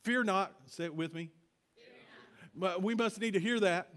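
A male pastor giving a conversational sermon in a church, earnest and halting, asking the congregation to repeat words after him. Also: high voice, a bit bright. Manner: earnest, halting, leads congregation call-and-response. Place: church sanctuary.

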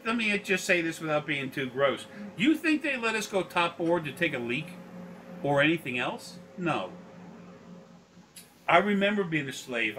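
A man's voice: on the high side, sharp tone, a little hiss or hum, low-quality recording. A man talking as a spiritual consultant in rambling, profane casual chat that often turns preachy.

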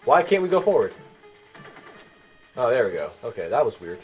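A man playing a video game and commenting excitedly, often exclaiming and shouting at the screen. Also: medium pitch, normal speed, muffled recording, faint music behind. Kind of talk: excited let's-play commentary.

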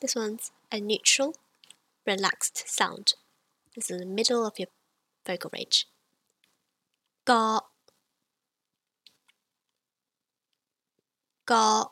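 Female language teacher, slow and patient, dry close recording. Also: mid-range voice, pushed and bright, breathy edge, no echo, low-quality recording. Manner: patient, demonstrative, drawing out example sounds. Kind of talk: slow, clear language lesson.

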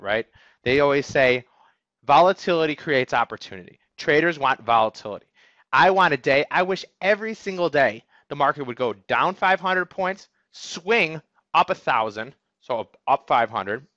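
A man's voice: mid-range voice, pushed and bright, no echo, highs cut off. A man teaching an online trading webinar, talking energetically and emphatically and asking "okay?" after nearly every point. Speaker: trading instructor. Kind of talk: webinar lecture. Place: office.

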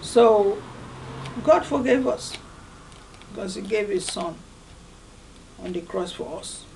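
A woman's voice: medium pitch, expressive, slow pace, vocal fry, a little mellow, a little hiss or hum, rough recording. A woman from Nigeria, giving an earnest, emphatic devotional talk as host of a video series. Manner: earnest, emphatic, repeats "I tell you".

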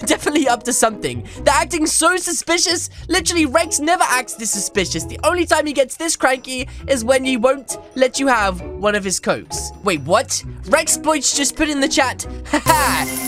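A young woman YouTuber giving playful, animated game commentary and teasing her friends. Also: high-pitched. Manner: animated, teasing, quick switches between narration and banter. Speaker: gaming YouTuber.

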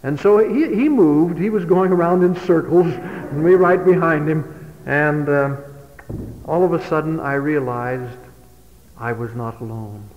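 A man tells humorous stories in a folksy, easygoing way to a young audience. His voice sits a little high for a man. The old, muffled recording carries a long reverb from a large hall. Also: unhurried, slight background noise. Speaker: speaker. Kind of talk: anecdotal speech to youth.

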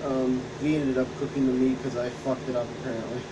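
Talking fast with little pitch movement, this game-stream co-host has a medium-pitched voice in lo-fi sound. He rambles through profane stories during casual chat over gameplay, picked up by a distant mic with background hum.

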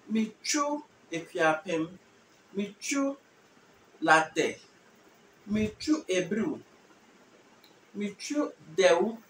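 A high-voiced man teaches beginner phrases, saying each one slowly several times. He sits back from the mic in a roomy, echoing space, with a faint hum of ambience behind him. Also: a bit bright. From Ghana. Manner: repeats phrases slowly for learners. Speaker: language teacher. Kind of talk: language lesson. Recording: echoey room, mic at a distance.

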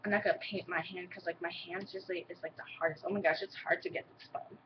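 A teenage girl vlogging casually to camera, rambling with lots of fillers and excitable asides. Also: lowish voice, quick pace. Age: teens. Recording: dull lo-fi webcam audio with faint noise.

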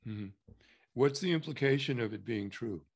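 An American man leads a coaching consultation. He asks pointed questions and pushes his client to examine his thinking. His voice sits in a middle pitch, and he is quick to laugh. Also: gravelly, breathy edge. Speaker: structural consultant.

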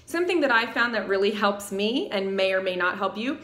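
A woman vocal coach with a low alto voice explaining singing technique and singing short demonstration phrases. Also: animated, brisk, a bit bright, reverberant. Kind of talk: singing tutorial.

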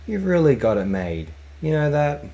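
A man's voice: low-pitched, little pitch movement, moderate pace, darkish tone, natural voice. A man puts on a scornful aging frigate captain past his prime. He growls his complaints with open contempt. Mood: contemptuous.

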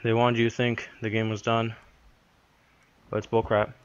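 A man's voice: medium pitch, completely flat delivery, moderate pace, clear, resonant tone, no room sound, dull audio. A man giving jumpy, nervous commentary while playing a horror game, talking to himself. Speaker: let's play host.

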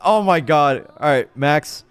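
A man's voice: mid-range voice, expressive, fairly quick, dry recording. Young guy streaming games, hyped and cursing, voice jumps up and down a lot, dry close mic. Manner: hyped and jittery, swears a lot, cheers loudly. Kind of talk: casual live-stream chat while gaming.

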